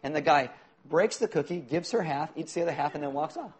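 A man's voice: a little high, brisk. A middle-aged male pastor giving a sermon in a conversational, joking way, asking the congregation questions. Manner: conversational, jokey preaching with audience questions.

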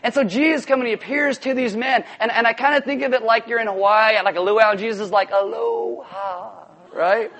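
Pastor, male, middle-aged, high voice; animated, jokey sermon delivery with acted-out asides. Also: fast, few pauses.

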